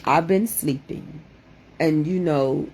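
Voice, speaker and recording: A woman's voice: low-pitched, takes it slowly, a little mellow, breathy edge. A woman hosting a playful livestream, exclaiming dramatically and repeating her phrases in a sing-song way. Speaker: livestream host doing card readings.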